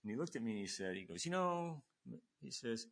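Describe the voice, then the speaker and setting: An older man, a retired admiral, telling a story in conversation, acting out the people he quotes with sudden rises in pitch. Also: very fast, creaky, breathy edge.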